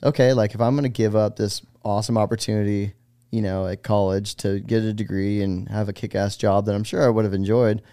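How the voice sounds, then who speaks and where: A man's voice: fairly low pitch, steady tone, fairly quick, dark tone, clean tone, no echo, clean studio sound. A man in his forties from the United States, a guest on a casual interview podcast, telling stories in a rambling, laid-back way full of fillers. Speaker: guest, pro BMX rider.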